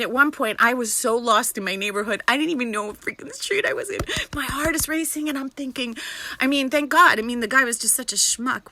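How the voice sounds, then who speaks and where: Sharp-voiced woman telling a rambling story. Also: a little high, dry recording. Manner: excitable, rambling, swears freely. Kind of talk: casual storytelling to viewers.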